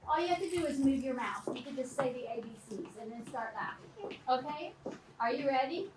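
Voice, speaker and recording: A middle-aged woman teacher talks a class of children through an activity in an animated, directive way and laughs often. Her voice sits high. She is picked up from across a reverberant classroom. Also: a little fast. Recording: roomy, distant, noisy classroom.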